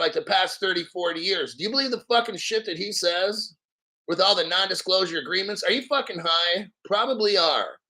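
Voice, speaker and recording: A man hosting a crypto show, ranting in crude, profane, sarcastic commentary and reading articles aloud slowly. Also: high-pitched, pushed and bright, low-quality recording. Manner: reads articles aloud slowly, mocks others in silly voices.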